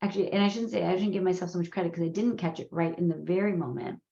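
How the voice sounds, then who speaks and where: A woman whose first language is Gujarati, hosting a parenting course in a candid, animated storytelling way with frequent laughs. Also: lowish voice, racing, vocal fry. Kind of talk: conversational course talk. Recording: roomy, slightly dull sound.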